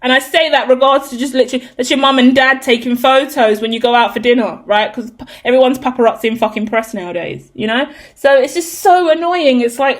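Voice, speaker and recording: A woman's voice: sits high, moderate pace, hardly any pauses. A woman giving a casual tarot reading, talking emphatically with frequent swearing and ranting asides. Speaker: tarot reader.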